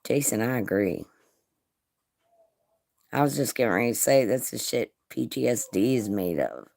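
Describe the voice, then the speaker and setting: A woman's voice: very deep voice, animated, moderate pace, gravelly, darkish tone, dry recording, studio quality. A woman hosting a casual livestream, reading chat and telling stories with frequent swearing and laughter. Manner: crude, swearing, laughing often.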